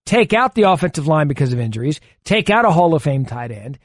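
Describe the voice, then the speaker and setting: Male sports talk radio co-host, argumentative and long-winded, a touch high-pitched, dry studio sound. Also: big pitch swings, quick pace, no echo. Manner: argumentative, builds long points with analogies.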